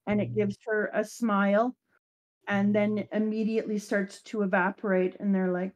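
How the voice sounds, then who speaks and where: A woman hosting a casual talk show, recapping an anime episode in lively chat and briefly acting out the characters' lines. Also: medium pitch, moderate pace. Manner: animated, acts out character lines. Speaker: podcast host.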